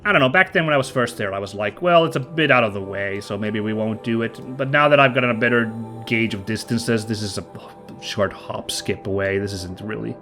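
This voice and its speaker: A man's voice: fairly low pitch, brisk, bright, forceful tone, faint music behind. A man hosting a let's play, chatting casually and rambling upbeat while a little stuffy and nasal from a cold. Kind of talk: casual gameplay commentary.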